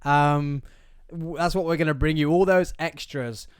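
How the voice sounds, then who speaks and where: A man's voice: on the high side, steady tone, normal speed, clear, resonant tone, dry recording, clean studio sound. A man hosting a casual, jokey podcast chat and laughing often. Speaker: podcast host.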